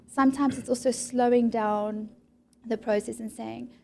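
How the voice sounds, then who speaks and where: Woman, psychologist guest, calm, measured, fairly high voice, flat delivery. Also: vocal fry, a little hiss or hum. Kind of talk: professional interview.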